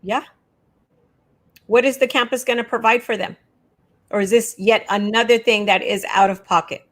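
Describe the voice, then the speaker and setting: A woman's voice: a little high, fairly even intonation, normal speed. A woman co-hosting a casual talk stream for teachers, exasperated and openly sarcastic. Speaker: co-host of educators' union livestream. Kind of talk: casual chat.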